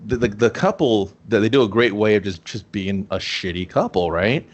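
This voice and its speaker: A man's voice: fairly low pitch, moderate pace, dull audio. A man co-hosting a casual movie review podcast, swearing freely and acting out characters' lines as he retells scenes. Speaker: podcast co-host.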